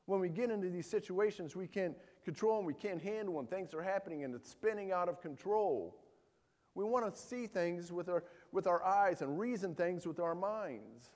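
A man's voice: high voice, animated, moderate pace, darkish tone, big-room sound. A man preaching a sermon in an earnest way, reading scripture and putting rhetorical questions to his listeners. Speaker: pastor.

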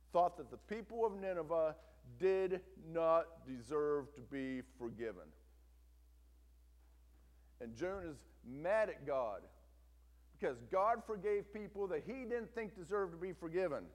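Male pastor, emphatic storytelling sermon, fairly high voice, long hall reverb. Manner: storytelling, emphatic, asks the congregation to listen.

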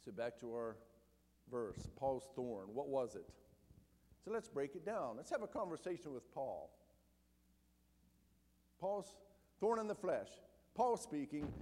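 A man preaching a sermon emphatically, pushing some lines up loud and dropping others low and quiet. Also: sing-song, unhurried, pauses often. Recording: long hall reverb.

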